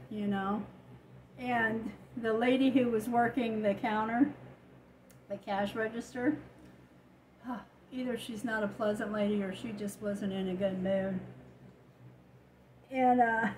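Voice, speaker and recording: A woman's voice: fairly high pitch, a little mellow, slight background noise, rough recording. An older woman casually chatting at home as a vlogger, telling stories and laughing often. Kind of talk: casual chat.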